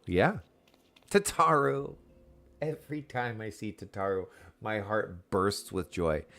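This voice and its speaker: A man streaming a video game, chatting excitedly and answering his chat. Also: lowish voice, takes it slowly. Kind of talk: casual live gameplay chat.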